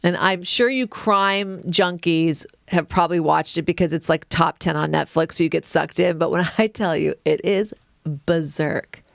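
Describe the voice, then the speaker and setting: A woman co-hosting a podcast, telling a story in casual chat, animated, emphatic and profane. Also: on the low side, moderate pace, vocal fry, no room sound, studio quality. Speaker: podcast co-host.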